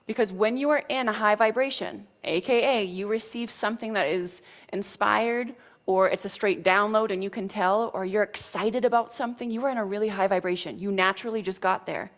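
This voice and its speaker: A woman's voice: medium pitch, fairly quick, hardly any pauses. A woman teaching as a spiritual coach, talking frankly and casually, with mild cursing and frequent check-ins with her listeners. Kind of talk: motivational teaching talk.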